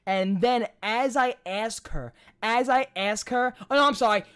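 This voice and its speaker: A man's voice: extremely high pitch, unhurried, fairly bright tone, smooth. A man co-hosting a podcast in casual chat, rambling with many restarts and frequent swearing. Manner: rambling, profane, trailing restarts. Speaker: podcast co-host.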